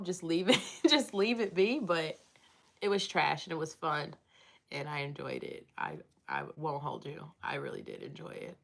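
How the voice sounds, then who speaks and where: A woman's voice: low voice, creaky, fairly bright tone. A woman hosting a casual livestream, rambling and chatting as she reads and answers viewer comments from home. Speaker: livestream host. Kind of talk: casual live chat.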